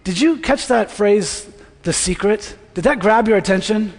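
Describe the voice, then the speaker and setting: A man's voice: high voice, animated, measured pace. A male pastor preaching a sermon in a conversational way, asking the congregation to repeat words after him. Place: church sanctuary. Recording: long reverb of a large hall.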